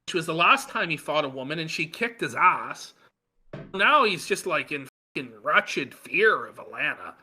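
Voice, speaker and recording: Man, sarcastic co-host, piercingly bright voice, animated. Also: a little high, normal speed, slightly rough. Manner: sarcastic, teasing. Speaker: podcast co-host. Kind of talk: casual chat and commentary.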